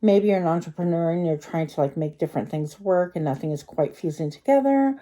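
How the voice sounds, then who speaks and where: Chatty woman with a warm, mellow voice. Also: on the low side, expressive, brisk. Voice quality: slightly slurred speech from a retainer in her mouth. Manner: chatty, rambling, thinking aloud with many fillers. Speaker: tarot card reader. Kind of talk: pick-a-card tarot reading.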